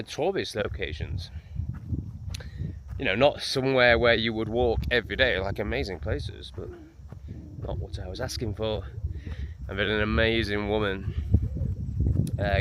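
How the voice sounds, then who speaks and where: An English man chatting to camera in a vlog beside a lake, animated and full of asides. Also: on the low side. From England. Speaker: vlogger. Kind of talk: casual vlog talk to camera. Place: outdoors by a lake. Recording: noisy outdoor recording.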